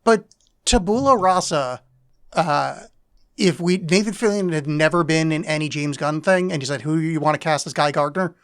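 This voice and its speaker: A man's voice: on the high side, normal speed, a bit bright. A man co-hosting a podcast, talking in an offhand, wry way with plenty of swearing. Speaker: podcast co-host. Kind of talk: casual chat.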